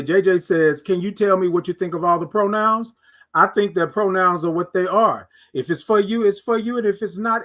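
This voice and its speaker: This livestream morning show host, a middle-aged man, reads out viewer comments in a relaxed chat and draws out his hellos the way a preacher might repeat them. He has a high, slightly bright voice.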